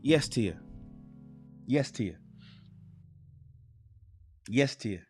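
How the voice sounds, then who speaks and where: A man's voice: medium pitch, expressive, husky, soft background music, pitched below the performer's own voice, full character voice. A man mimicking a timid whispering husband. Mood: meek. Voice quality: hushed, halting whisper. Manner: stammering, keeps restarting. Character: timid married man whispering so his wife can sleep.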